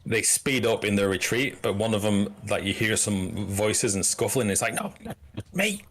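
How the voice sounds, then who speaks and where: GM, slightly low voice, halting narration with frequent restarts. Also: male voice, fairly even intonation, fairly bright tone. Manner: halting, stammers and restarts while describing scenes. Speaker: game master. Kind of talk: narrating a tabletop game.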